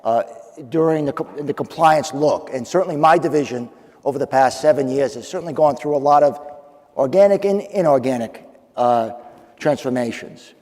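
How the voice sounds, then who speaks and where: A man with a New England accent speaks on a conference panel in a fairly high, mellow voice, conversational and full of fillers and restarts. The hall adds a long, ringing reverb. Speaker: compliance officer, panelist. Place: conference room with audience.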